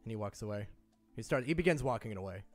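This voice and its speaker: A man's voice: on the low side, lively intonation, quick pace, music in the background. A young man narrating as game master, often stammering and restarting his sentences.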